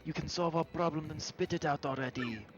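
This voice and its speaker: A man voicing a gruff male deckhand sailor in a video game, with rough, blunt sailor talk. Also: on the high side, fairly quick, dull audio, soft background music, pitched above the performer's own voice, natural voice. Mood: earnest.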